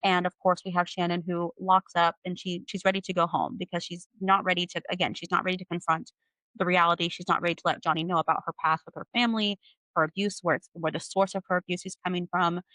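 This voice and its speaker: A woman's voice: on the low side, level tone, quick pace, sharp tone, dry recording, poor audio. A woman hosting a podcast, recapping a novel in an analytical way with many "like" and "you know" fillers. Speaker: podcast host. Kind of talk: book recap discussion.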